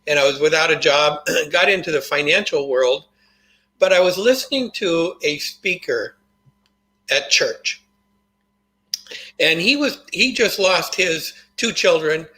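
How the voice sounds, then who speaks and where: An older man telling a story in an earnest, folksy way as an interview guest. His voice sits a little high and sounds sharp and bright. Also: low-quality recording. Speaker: guest, motivational author.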